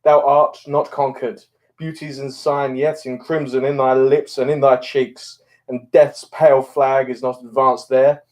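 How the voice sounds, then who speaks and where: A man's voice: medium pitch, level tone, unhurried, darkish tone, lightly acted. A man reading the part of Romeo, a grief-stricken young lover, in an impassioned, declamatory way. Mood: grieving, impassioned. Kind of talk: dramatic reading of a play.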